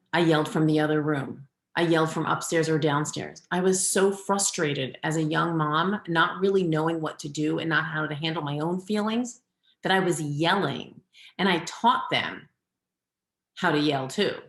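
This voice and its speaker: A middle-aged woman coach talks parents through advice in an earnest, advising way. Her voice sits fairly low. The webinar mic picks up an echoey room around her. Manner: earnest, advising, shifting between quick and slow deliberate delivery. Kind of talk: webinar talk.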